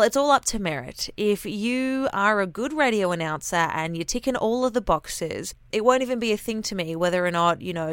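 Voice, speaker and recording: An Australian woman talks straight to the mic in a candid, chatty monologue, peppering her story with slang. Her voice is smooth and clean, and the recording is dry and close, with no room sound. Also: mid-range voice, no echo. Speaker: radio announcer. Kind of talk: casual personal monologue.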